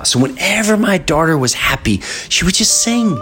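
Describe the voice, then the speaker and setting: A middle-aged man hosting a podcast, telling a story in an animated, rambling way and often repeating himself. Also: fairly high pitch, moderate pace, music in the background. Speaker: podcast host. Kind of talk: casual storytelling monologue.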